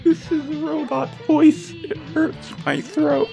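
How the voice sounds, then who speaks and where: A woman putting on a mock robot announcer voice in heavy vocal fry. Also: high-pitched, slow, music in the background, full character voice. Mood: robotic.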